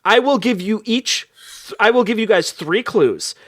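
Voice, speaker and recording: Young male host, high-pitched, rambling and giggly, casual podcast game show. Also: lively intonation, normal speed, fairly bright tone. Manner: laughing, loose and rambling. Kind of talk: casual comedic podcast hosting.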